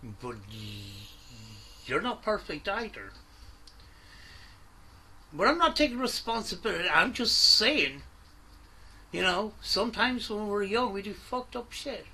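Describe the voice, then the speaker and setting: Ranting man, high and raspy. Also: big pitch swings, unhurried, long pauses, sharp tone. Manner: ranting, sweary and mocking. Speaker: commentary YouTuber. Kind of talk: angry reaction commentary.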